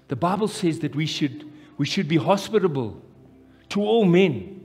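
A South African pastor with an Afrikaans-influenced accent preaches a live sermon in a church hall, his husky, darkish voice sitting high in a sing-song lilt at normal speed. He is impassioned and repeats his phrases, and the recording carries the hall's reverb along with music.

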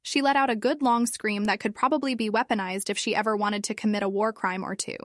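A woman reads a fan fiction story aloud in an expressive way. Her voice sits at a middling pitch. The sound is close and dry, with no room around it. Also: fast talker, no room sound. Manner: expressive reading.

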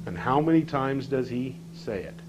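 A man teaching a scripture class in a room, his voice sitting at an ordinary middle pitch. He keeps questioning his listeners and reads verses aloud with rising emphasis. A faint hum runs underneath the recording. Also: lively intonation, moderate pace, dull audio.

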